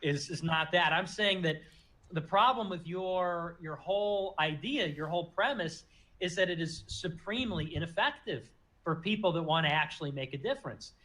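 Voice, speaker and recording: A man in a debate, making his case in a measured, argumentative way. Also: on the high side, bright, forceful tone, low-quality recording.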